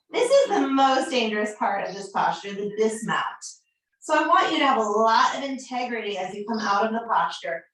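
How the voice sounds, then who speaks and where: A woman guides a yoga class in a calm, encouraging way. Her voice is bright and clear in tone. She stands some way from the mic, and the room adds a strong, roomy echo. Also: on the high side, distant mic. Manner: calm, encouraging, gently chanting mantra syllables. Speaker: yoga teacher.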